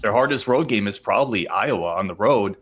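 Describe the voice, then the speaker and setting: Male panelist, low voice, rattles off points quickly and emphatically. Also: animated, a bit bright, husky. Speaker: podcast guest. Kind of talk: casual panel chat.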